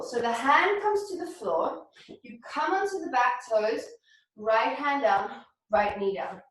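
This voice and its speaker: Woman yoga instructor, higher voice, calm pose cues, slightly out of breath, far from the mic. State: somewhat out of breath. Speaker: yoga teacher. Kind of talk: guided yoga class instruction. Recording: very echoey room, voice from far off.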